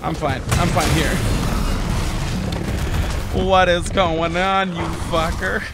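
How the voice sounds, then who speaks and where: A man streaming a game, commentating live with excitable, profane trash talk at the monster he fights. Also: fairly high pitch, slow, loud music behind the voice. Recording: loud background noise.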